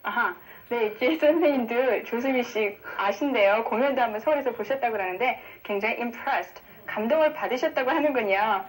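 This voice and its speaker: A woman hosting a broadcast English lesson, explaining grammar briskly and switching between two languages. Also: fairly high pitch, a little hiss or hum, rough recording.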